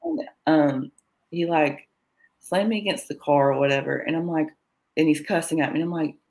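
A woman's voice: low-pitched, normal speed, a little mellow. A woman telling her own story as an interview guest, acting out what was said and who said it. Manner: tells events in present tense, acting out quoted lines. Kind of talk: personal storytelling.

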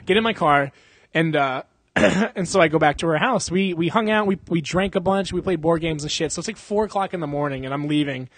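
A man's voice: a little high, fairly quick, no room sound. A young man casually telling a long story on a podcast, rambling and swearing, with lots of fillers and mouth sound effects.

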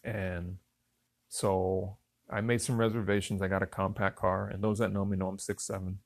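Man, middle-aged, low gravelly voice, dry close sound, casual storytelling. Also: normal speed, dry recording. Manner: relaxed, conversational, addresses listeners as y'all and fellas. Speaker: podcast host telling a personal story.

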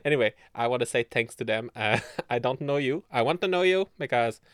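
Young man from Canada, giggly, rambling, lively pitch, dry close sound. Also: a little fast, smooth, no echo. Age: young adult. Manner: giggly, rambling, swears often. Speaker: podcaster. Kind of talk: casual solo chat. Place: in bed.

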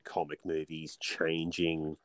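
A man, co-hosting a casual movie podcast, profane and animated, often dropping into joking put-on voices. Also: a bass voice, slow, dry recording. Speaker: podcast co-host.

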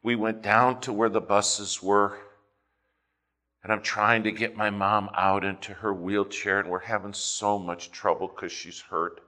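A male preacher giving a sermon, telling a personal story in an animated way and swinging between quiet and loud passages. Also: on the low side, measured pace.

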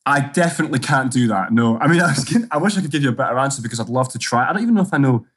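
A man's voice: medium pitch, animated, a bit bright, slight background noise. A man, a podcast guest chatting casually and joking around. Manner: jokey, laughing, quick to riff. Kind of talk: casual chat.

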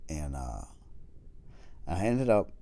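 A man's voice: very deep voice, big pitch swings, slow pace, mellow. A man talking casually and rambling, joking at his own expense and swearing now and then as he acts out little quotes. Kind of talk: casual chat.

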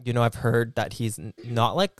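A man's voice: medium pitch, steady tone, normal speed, no echo, clean studio sound. A man co-hosting a podcast in casual chat, playful and giggly. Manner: playful, giggly, shifts into silly voices. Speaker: podcast co-host.

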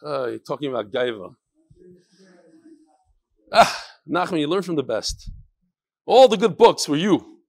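A man's voice: fairly high pitch, sing-song, a little slow, long pauses. A man hosting a casual chat show, reading listener emails aloud with joking asides.

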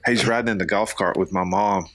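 A man's voice: lowish voice, fairly even intonation, brisk, no echo. A man in his thirties from Florida, co-hosting a podcast and telling rambling family anecdotes with lots of fillers and restarts. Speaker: podcast co-host. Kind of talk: casual storytelling chat.

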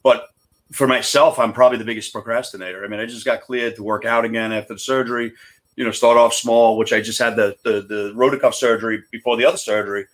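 A man who grew up on Long Island joins a podcast as a guest from his office. His voice sits at an ordinary middle pitch, and he talks fast. He rambles and pokes fun at himself. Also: steady tone. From Long Island, New York. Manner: chatty, rambling, self-deprecating. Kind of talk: casual conversation.

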